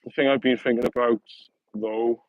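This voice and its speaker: A man's voice: mid-range voice, steady tone, normal speed, dry recording, phone-quality sound. A man hosting a casual livestream outdoors, rambling and correcting himself in a friendly, matey way. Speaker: livestream host.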